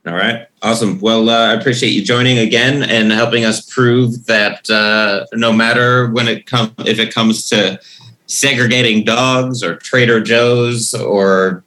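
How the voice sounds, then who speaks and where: A man's voice: mid-range voice, fairly even intonation, measured pace, sharp tone, poor audio. A man hosting a podcast, thanking his guest and wrapping up the episode in a casual way. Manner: wraps up with easy filler words. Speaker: podcast host.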